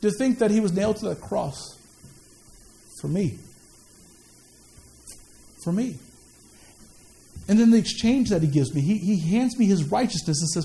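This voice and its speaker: A man's voice: high-pitched, animated, measured pace, creaky, pauses often, dark tone. A man preaching a sermon in a conversational way, repeating words and asking the listeners questions. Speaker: pastor.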